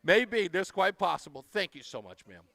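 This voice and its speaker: A man's voice: high-pitched, very animated, moderate pace, creaky, bright, forceful tone, no room sound. A man hosting a live radio talk show, chatting casually and effusively thanking donors. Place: radio studio.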